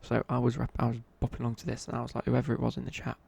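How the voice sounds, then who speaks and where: Young guy, whispered ASMR chat, raspy breathy whisper, loose and chatty. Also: medium pitch, completely flat delivery, very fast, darkish tone. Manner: rambling, casual, many fillers and restarts. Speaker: ASMR creator.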